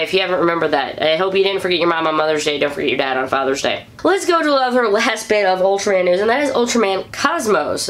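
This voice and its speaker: A woman from St. Louis hosting a weekly fan news vlog, upbeat and chatty, breaking into excited whoops. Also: medium pitch. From St. Louis, USA.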